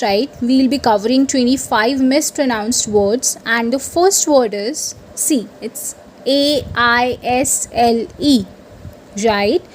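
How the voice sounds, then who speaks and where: A woman gives a pronunciation lesson in a high, bright-pitched voice. She speaks slowly and deliberately, spelling each word out letter by letter. She keeps checking in with "right?". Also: a little hiss or hum. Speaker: spoken English teacher.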